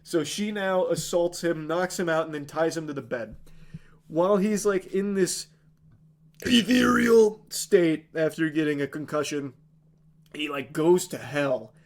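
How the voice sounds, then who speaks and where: A man's voice: a little high, normal speed. A man live-streaming a casual, sarcastic movie recap, rambling with lots of "like" and swearing freely. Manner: rambling with many fillers like "like".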